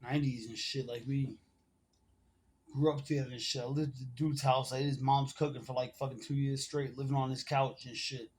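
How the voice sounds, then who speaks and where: A man's voice: medium pitch, little pitch movement, a little fast, darkish tone, slight background noise. A man in his forties telling a long personal story to his phone camera in casual, rambling street slang full of swearing. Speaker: vlogger.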